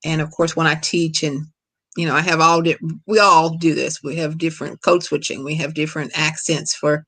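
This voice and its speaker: A middle-aged woman from Kentucky with a Kentucky accent, an author answering questions over a video call in a relaxed, storytelling way. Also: low-pitched, moderate pace. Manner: relaxed, storytelling, laughs easily. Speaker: guest author. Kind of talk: casual lecture Q&A.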